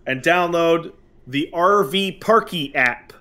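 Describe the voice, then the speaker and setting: Speaking at a slow pace in a fairly high voice, a Montreal man with a Canadian accent hosts a podcast. The chat is casual, and his storytelling is animated and full of jokes.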